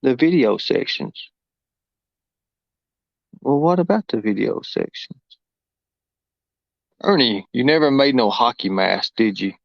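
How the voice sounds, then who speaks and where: A man's voice: mid-range voice, lively intonation, slow, vocal fry, pauses often, dry recording. A middle-aged man, hosting a livestream in a rambling, folksy, exclaiming way. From Kentucky. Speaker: livestream host. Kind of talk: casual livestream talk. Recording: muffled dull audio.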